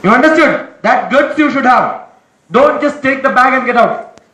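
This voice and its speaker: Stern high-pitched man lecturing. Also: animated, normal speed, pushed and bright. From India. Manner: stern, scolding, commanding, repeats orders. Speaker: motivational trainer. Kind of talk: classroom lecture to students. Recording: echoey room.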